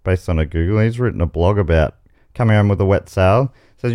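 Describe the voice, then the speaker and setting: A man's voice: low-pitched, darkish tone, no echo, clean studio sound. An Australian man hosting a comedy game podcast, joking with his guests and laughing often. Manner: joking, quick to laugh, reads aloud. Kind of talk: casual comedic banter.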